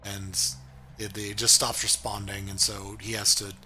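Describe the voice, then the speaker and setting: A man co-hosting a podcast, slowly and hesitantly summarising a cartoon scene. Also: lowish voice, level tone, a little hiss or hum. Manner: slow, hesitant, quiet agreeing and short summaries. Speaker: podcast co-host. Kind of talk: casual chat recapping a cartoon episode.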